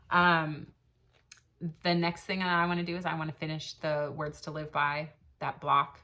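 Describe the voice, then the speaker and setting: A woman's voice: on the low side, unhurried, pushed and bright. A woman in her thirties talking through her stitching plans and a fundraiser in a casual, rambling vlog, with many ums and restarts. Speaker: cross stitch vlogger and shop owner. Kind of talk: casual chat.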